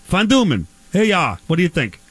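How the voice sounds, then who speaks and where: A man's voice: high voice, big pitch swings, a little fast, fairly bright tone, slightly rough, no echo. A man hosting a comedy sketch, brash and rambling, teasing his guest. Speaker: host.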